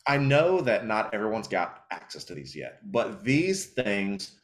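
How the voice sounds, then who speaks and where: A young man hosting a podcast, telling stories in a profane, animated way, a little tipsy and slurring. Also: fairly low pitch, a little slow. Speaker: podcast host. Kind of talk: casual podcast chat.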